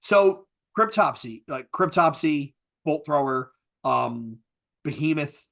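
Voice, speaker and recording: Podcast co-host, man, middle-aged, easygoing, slightly higher pitch. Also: animated, slow, gravelly, a bit bright. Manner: laid-back, lots of fillers. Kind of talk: casual chat.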